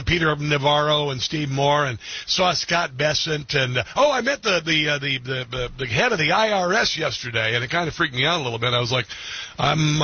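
A man hosting a talk radio show, chatting in an excitable, rambling way with many fillers. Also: a little high, slightly rough, no room sound, highs cut off. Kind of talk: casual opinionated talk radio.

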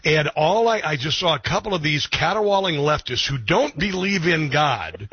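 A man's voice: a little high, lively intonation, breathy edge. A man hosting a radio talk show, chatting casually about politics, agreeable and chuckling, over muffled radio audio. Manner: agreeable, chuckling, quick interjections.

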